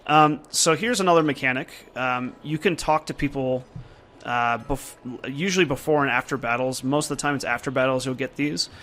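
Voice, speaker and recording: A young man talks through a video game in a loose, rambling way, full of fillers and self-corrections. His pitch sits in the middle. A faint hiss runs under the voice. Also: moderate pace, fairly bright tone. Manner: casual and rambling, with many fillers. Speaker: game reviewer. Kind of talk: let's-play commentary and reading dialogue aloud.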